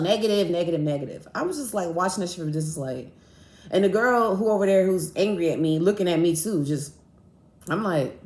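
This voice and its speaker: Woman podcast host, casual and blunt, swears freely, low-ish voice, roomy echo. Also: normal speed. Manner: blunt, profane, animated storytelling. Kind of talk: casual storytelling.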